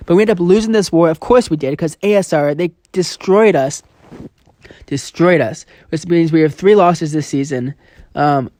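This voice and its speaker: A man's voice: fairly high pitch, a little mellow, no room sound, clean studio sound. A young man commenting over his own gameplay footage, venting frustration at his mistakes and acting out his reactions. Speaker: gaming channel host.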